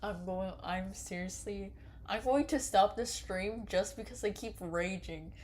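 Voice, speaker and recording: Woman streamer: reads game text at a slow, easy pace, erupts into loud laughing rants at the plot. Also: medium pitch, slight background noise. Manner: reads narration aloud, then rages loudly with laughter. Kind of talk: game streaming with read-aloud narration.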